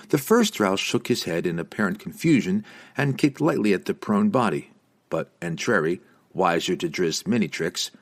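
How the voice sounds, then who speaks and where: A man narrating a fantasy audiobook in an expressive, dramatic way. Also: deep voice.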